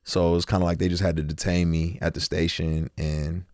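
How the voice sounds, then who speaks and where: Low-voiced man telling a candid story. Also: a little fast, dry recording, studio quality. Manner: animated storyteller, acts out quotes. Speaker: guest.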